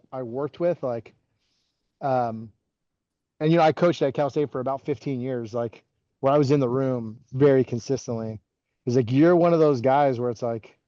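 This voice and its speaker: A man's voice: mid-range voice, dark tone, no room sound, muffled recording. A man in his forties, a former wrestling coach, speaking as a podcast guest and telling long rambling stories full of "like" and restarts. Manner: rambling, heavy use of "like" and restarts. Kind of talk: casual interview storytelling.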